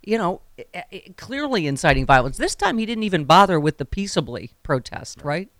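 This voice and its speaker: A woman hosting a political talk show, chatting casually with quick, wry, joking asides. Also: lowish voice, very animated, a bit bright, dry recording. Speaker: talk radio host.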